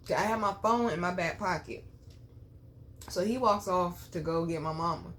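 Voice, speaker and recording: A young woman with a lowish voice hosts her own channel, telling a personal story to camera at normal speed over slight background noise. She's blunt and profane and speaks directly to her viewers.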